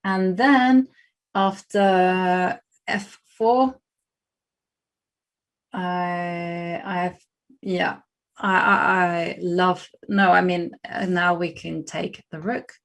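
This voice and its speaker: A woman's voice: fairly low pitch, steady tone, extremely slow, pauses often. A young adult woman with a West London English accent, chatting casually and laughing often while she plays chess on a live stream and thinks aloud. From England.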